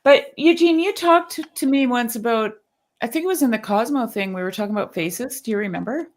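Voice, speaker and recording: A woman podcast host who reads a passage aloud and then chats casually, earnest and quick to laugh. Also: on the high side. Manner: earnest, quick to laugh, lively when excited.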